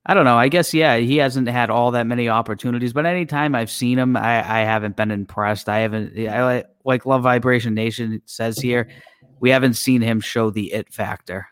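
A man's voice: medium pitch, fairly even intonation, normal speed, fairly bright tone, clean tone, no room sound, studio quality. A man co-hosting a casual sports podcast, plain-spoken and agreeable, with some hesitations. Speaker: podcast co-host.

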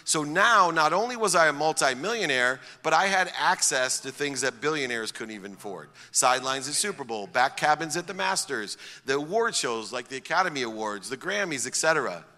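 A man's voice: fairly high pitch, expressive, brisk, few pauses, sharp tone, in a large hall. A middle-aged man from Ohio telling a personal story as a public speaker, emphatic and building his points in repeated lists. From Akron, Ohio, US.

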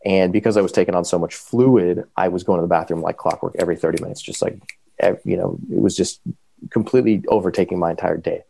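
A man's voice: low-pitched, vocal fry. A man telling his own story as a podcast guest, casually and animatedly, with lots of fillers. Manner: animated, quick, full of fillers.

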